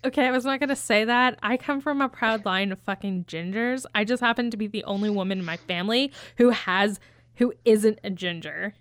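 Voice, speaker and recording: A woman's voice: mid-range voice, fairly quick, no room sound. A woman casually retelling a film scene, rambling and swearing as she acts out the characters. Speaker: podcast co-host.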